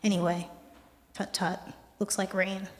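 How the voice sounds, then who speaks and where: A young adult poet giving a poetry reading with a wry, conversational, deadpan delivery. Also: mid-range voice, measured pace, slight background noise. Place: art gallery performance space. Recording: long reverb of a gallery hall.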